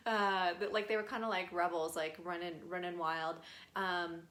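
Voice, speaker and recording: A young woman medium talks through a live channeling session in a slightly low voice. Her speech is casual and rambling, dotted with fillers and small laughs as she passes along messages. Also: animated, slow, a bit bright. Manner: relays messages in a chatty, giggly way with many fillers. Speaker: spirit medium.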